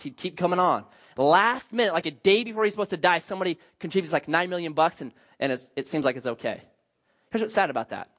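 Male pastor, animated sermon, bright tenor that leaps up and down. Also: sits high, lo-fi sound. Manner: animated storytelling with self-mocking jokes. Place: church sanctuary.

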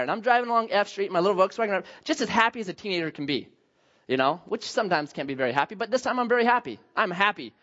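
Middle-aged guy preaching, storytelling, jumps up high when he acts stuff out, kinda dull audio. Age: 40s. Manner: animated, acts out his younger self with high excited outbursts. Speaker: pastor. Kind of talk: sermon storytelling.

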